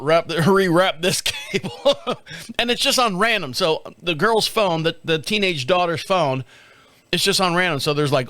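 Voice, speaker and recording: A man's voice: on the high side, no room sound. A man in his fifties telling a long, profane story in casual chat, acting out the people he quotes. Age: 50s. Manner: profane, animated, mimics others in quoted dialogue. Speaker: podcast host.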